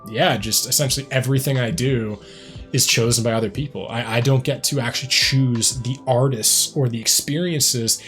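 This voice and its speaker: A man's voice: medium pitch, fairly even intonation, normal speed, a bit bright. A man hosting a music reaction video, talking in a rambling, reflective way, full of "like" and "um". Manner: rambling and reflective, heavy use of "like" and "um". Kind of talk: casual reaction commentary.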